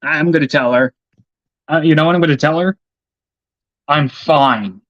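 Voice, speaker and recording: A man's voice: fairly high pitch, quick pace, no echo, dull audio. A man livestreaming, rambling casually and muttering to himself in an irritable, profane way. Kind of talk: rambling casual stream talk.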